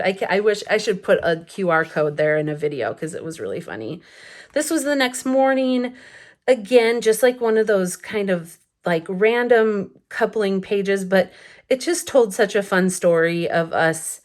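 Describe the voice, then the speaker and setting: A thirtysomething woman with a mid-range voice leafs through a photo album at home late at night, chatting casually for her scrapbooking vlog. She rambles a bit sleepily, with many fillers and little bursts of laughter.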